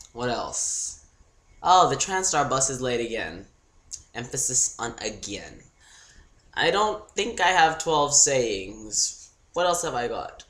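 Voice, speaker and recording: A man's voice: mid-range voice, sharp tone. Giggly, rambling young man. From Australia. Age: 20s. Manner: rambling and giggly, talking to a toy. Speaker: vlogger. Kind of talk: casual holiday video message.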